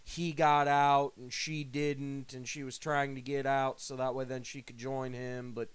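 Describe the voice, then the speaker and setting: Laid-back man with a smooth voice. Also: mid-range voice, level tone, unhurried. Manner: laid-back, swears casually. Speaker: podcast co-host. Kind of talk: casual chat.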